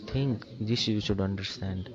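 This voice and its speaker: Indian-accented man interpreting a sermon, low even voice, repeats and questions the room; muffled, crowd audible. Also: unhurried. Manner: rephrases himself and asks the listeners rhetorical questions. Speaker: translator of a spiritual lecture. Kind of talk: translated sermon. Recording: dull lo-fi recording with crowd behind.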